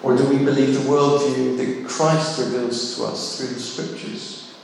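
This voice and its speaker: A man in his sixties preaching a sermon, telling a story with lively, self-deprecating humour. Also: mid-range voice, unhurried, a little hiss or hum. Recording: echoey hall, mic at a distance.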